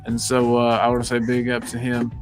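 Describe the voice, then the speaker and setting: A man's voice: mid-range voice, completely flat delivery, brisk, over music. A man hosting a members' call-in football show, talking casually, swearing freely and rambling with restarts. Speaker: host.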